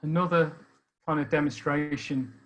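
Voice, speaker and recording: A man in his sixties from Birmingham with a Birmingham accent, talking about his life in a thoughtful, hesitant way with many pauses and restarts. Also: fairly high pitch, steady tone, fairly bright tone, rough recording. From Birmingham, England. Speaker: speaker sharing life experience. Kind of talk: reflective personal talk.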